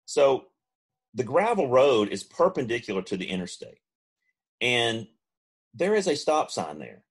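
A man, co-hosting a podcast and telling a long funny story, now and then mimicking friends in high voices. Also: sing-song, measured pace, slightly rough. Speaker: podcast co-host. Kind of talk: casual storytelling.

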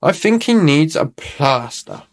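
A man voicing a cheerful, excitable little girl pig in a raised voice. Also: fairly high pitch, unhurried, slight background noise. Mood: excited.

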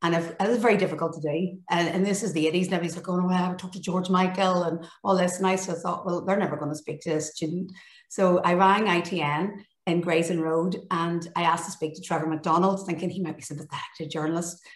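A Northern Irish woman in her fifties, a journalist telling an animated anecdote on a panel. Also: lowish voice, brisk. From Northern Ireland. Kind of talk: storytelling on a panel. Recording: roomy echo.

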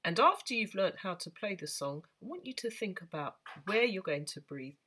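Patient woman teaching beginner sax, bright and a touch husky. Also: medium pitch, expressive, moderate pace. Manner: patient, encouraging, explains step by step. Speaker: saxophone teacher. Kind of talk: instructional talk to camera.

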